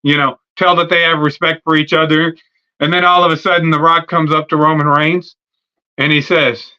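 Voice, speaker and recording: Sharp-voiced man ranting on a dull stream. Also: fairly high pitch, level tone, moderate pace, clear, resonant tone. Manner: profane, rambling, filler-heavy. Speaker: wrestling podcast host. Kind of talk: casual fantasy-booking rant. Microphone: streaming setup mic.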